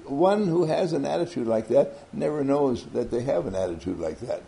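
A man's voice: mid-range voice, lively intonation, normal speed, gravelly, hardly any pauses, mellow, low-quality recording. A man giving a motivational talk, telling a story animatedly and often laughing. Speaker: motivational speaker.

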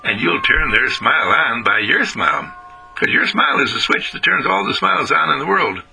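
A man giving an inspirational spiritual talk on the radio, with an animated, sing-song, emphatic delivery. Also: medium pitch, moderate pace, gravelly, husky, soft background music, poor audio. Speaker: spiritual speaker.

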